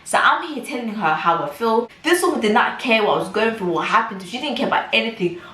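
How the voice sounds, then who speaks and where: A woman's voice: a little high, lively intonation, fast talker, pushed and bright. A young woman recounting a personal storytime in an emphatic, repetitive way. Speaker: vlogger. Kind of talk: storytime vlog. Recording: roomy, from a distance.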